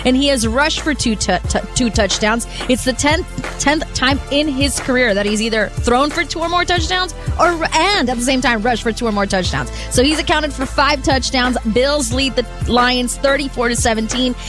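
A woman reading a sports news update, brisk and full of stats. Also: sits high, music in the background. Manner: brisk stat-heavy delivery.

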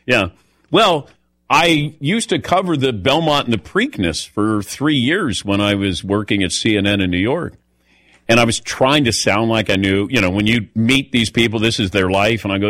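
A man's voice: fairly low pitch, lively intonation, moderate pace, a bit bright, no room sound. A man hosting a radio show, telling stories in a chatty way and calling on his co-hosts by name. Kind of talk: casual radio show chat.

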